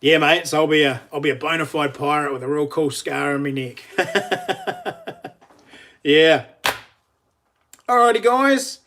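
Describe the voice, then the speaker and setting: A man's voice: fairly high pitch, expressive, measured pace, pauses often, a bit bright. Laughing New Zealand man streaming live. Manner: chatty, laughs often, reads out viewer messages. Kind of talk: casual live-stream chat.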